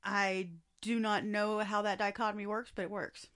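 A woman's voice: mid-range voice, little pitch movement, moderate pace, fairly bright tone. A woman co-hosting a casual podcast, talking bluntly and emphatically with a lot of swearing. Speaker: podcast co-host. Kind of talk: casual chat.

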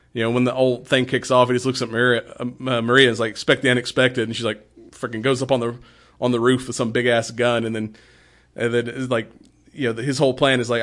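A man chatting casually about a film, acting out the characters' lines as he goes. He laughs a lot and swears freely, his pitch sitting in an ordinary middle range. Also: fairly bright tone. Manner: laughs often, swears, retells scenes in quoted voices. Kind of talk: casual movie recap chat.

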